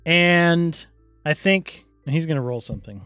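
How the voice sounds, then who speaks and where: A man's voice: fairly high pitch, lively intonation, normal speed, a bit bright, clean tone, no echo, soft background music. A man narrating as game master of a tabletop game, slipping into character voices for short asides.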